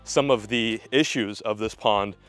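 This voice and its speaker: A man's voice: lowish voice, a little slow, fairly bright tone, faint music behind. A man filming a casual fishing vlog outdoors by his backyard pond, talking to viewers and exclaiming when something surprises him. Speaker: fishing vlogger.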